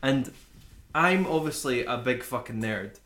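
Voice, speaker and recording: A young man chatting casually as a podcast co-host, swearing a lot and ranting through animated stories. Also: medium pitch, measured pace, reverberant, a crowd in the background. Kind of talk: casual chat.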